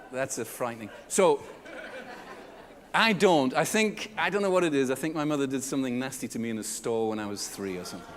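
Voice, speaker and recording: A man giving a comedic storytelling talk to a live audience, acting out the people in his stories with big jumps in his voice. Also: a little hiss or hum. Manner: animated, acts out customers and staff with big pitch jumps. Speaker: keynote speaker. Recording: reverberant hall.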